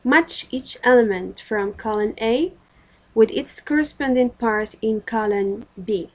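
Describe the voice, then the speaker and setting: A woman with a Moroccan accent leads a recorded English grammar lesson, unhurried and patient. Her voice sits a little high, and she pauses with filler sounds as she walks through the exercises. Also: poor audio. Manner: patient, instructive, with frequent fillers. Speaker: English teacher.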